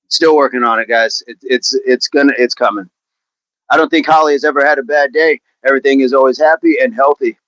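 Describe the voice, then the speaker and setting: A man's voice: mid-range voice, fairly even intonation, brisk, a bit bright, dry recording, lo-fi sound. A man hosting a casual livestream, chatting with viewers in a hesitant way with many fillers and restarts. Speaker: livestream host. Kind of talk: casual livestream chat, reading viewer comments.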